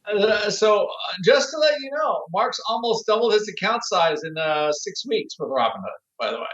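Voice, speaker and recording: A man chats casually as a podcast co-host, laughing through his sentences. His voice sits high. The sound is roomy and echoey. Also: lively intonation, moderate pace, fairly bright tone, highs cut off. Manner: giggly, laughing often. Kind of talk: casual chat.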